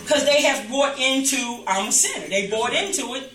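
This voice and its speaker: A woman's voice: sits high, moderate pace, a bit bright, slight background noise. A woman minister teaching a church class in a loose, conversational way, often repeating herself and acting out the voices she quotes. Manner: talks informally, repeats and restarts phrases, acts out quoted voices. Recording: echoey room, distant mic.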